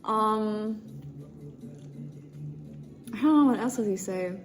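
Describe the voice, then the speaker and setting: A woman's voice: medium pitch, takes it slowly, soft background music. A woman livestreaming, chatting casually and joking as she reads viewer comments, often breaking into laughter.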